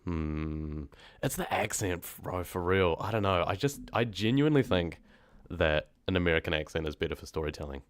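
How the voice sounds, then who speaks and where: A young New Zealand man talks loosely to his stream audience, wandering from thought to thought and letting sentences trail off. His voice sits very low. The sound is dry and close, with no room around it. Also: expressive, moderate pace, no echo. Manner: rambling, chatty, often trailing off. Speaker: horror story narrator chatting on a livestream. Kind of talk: casual livestream chat.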